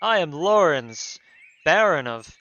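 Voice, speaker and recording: A man voicing a haughty, self-important baron who talks loudly and grandly in a game playthrough. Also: fairly high pitch, big pitch swings, slow, dull audio, exaggerated voice. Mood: pompous. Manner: loud, pompous.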